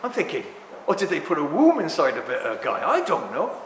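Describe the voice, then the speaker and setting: A man in his sixties speaks to a live audience, rambling and animated, ranting and then apologizing for it. His voice sits a little high. The sound is roomy, with a long hall reverb and faint background noise. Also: a little fast. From England. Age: 60s. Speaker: speaker at a talk.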